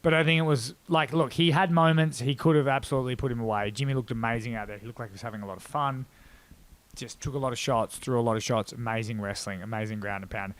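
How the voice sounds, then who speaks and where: A man's voice: mid-range voice, fairly even intonation, fast. An Australian man hosting a casual MMA reaction video, rambling with lots of fillers and poking fun at himself. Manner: rambling, filler-heavy, self-deprecating.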